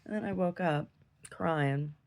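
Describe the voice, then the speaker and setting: A woman's voice: sits low, measured pace, darkish tone. A woman telling a long story in a casual video diary, rambling, restarting her sentences and laughing often as she talks. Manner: laughs often while talking. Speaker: video diarist.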